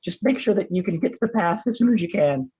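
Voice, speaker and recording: A man's voice: high-pitched, expressive, fast, dark tone, breathy edge, pitched above the performer's own voice, exaggerated voice. A man doing a jumpy, stammering adventurer. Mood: urgent. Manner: stammering, anxious.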